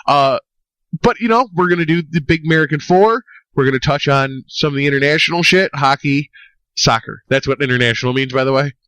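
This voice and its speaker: A man's voice: a little high, brisk, fairly bright tone, no echo. A young man co-hosting a podcast in casual chat, rambling, swearing and joking. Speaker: podcast co-host.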